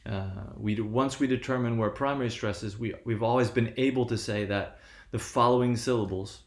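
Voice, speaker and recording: A man's voice: medium pitch, fairly even intonation, moderate pace. Man lecturing in an echoey room. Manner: explanatory, frequent "right?" checks and self-corrections. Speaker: linguistics lecturer. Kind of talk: classroom lecture on stress patterns.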